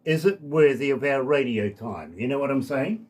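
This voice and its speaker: A man's voice: mid-range voice, animated, normal speed, darkish tone. A man from New Zealand hosting a radio interview, chatty and jokey, poking fun at himself. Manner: jokey, chatty, self-deprecating. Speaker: radio host.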